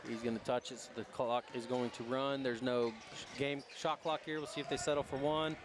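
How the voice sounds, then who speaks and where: A man calling live basketball play by play, rattling off each pass and shot from a high school gymnasium. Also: flat delivery, background noise. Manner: rapid running calls of each pass. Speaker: play-by-play announcer. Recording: gym ambience and bouncing balls.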